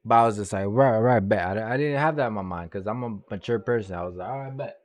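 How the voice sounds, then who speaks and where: A young vlogger from California tells a story in a casual, heated rant, full of swearing and "bro." His voice sits on the low side. The sound is dry, with no room echo. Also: quick pace. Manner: heated, profane, repeats himself with "bro". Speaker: vlogger telling a personal story.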